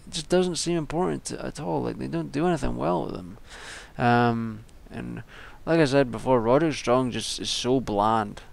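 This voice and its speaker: A man's voice: medium pitch, normal speed, creaky, few pauses. A young man giving casual, rambling solo commentary, with frequent ums and restarts. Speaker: wrestling vlogger.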